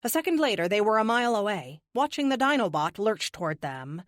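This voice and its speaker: Lively woman audiobook narrator. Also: medium pitch, fairly quick, dry recording, clean studio sound. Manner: lively, expressive reading. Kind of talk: scripted narration.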